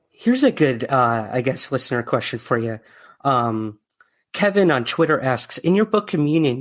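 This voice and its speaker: Podcast host guy, mid voice, lots of uh and um, friendly. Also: medium pitch. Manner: friendly, hesitant with many fillers. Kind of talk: podcast interview.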